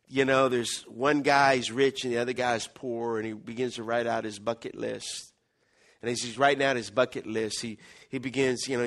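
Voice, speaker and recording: A middle-aged male pastor preaching an animated sermon, acting out little scenes and swinging between loud and quiet. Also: medium pitch.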